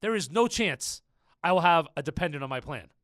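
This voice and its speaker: A man's voice: a little high, expressive, brisk, fairly bright tone, dry recording, studio quality. Chatty man hosting a business podcast. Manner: chatty, storytelling, addresses listeners as folks. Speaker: podcast host. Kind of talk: casual business podcast chat.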